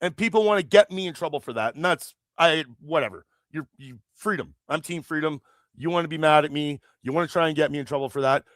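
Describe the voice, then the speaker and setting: A fast-talking Canadian livestream host, fairly high-pitched and bright, goes on a heated political rant. The sound is clean studio audio with no room tone, and he's angry, profane and rambling with restarts.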